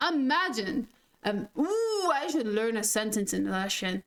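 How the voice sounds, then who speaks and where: A high-pitched woman chatting casually through a gaming stream. She rambles and giggles often, dropping slangy words like 'dude' and 'freaking' as she talks. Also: big pitch swings, measured pace.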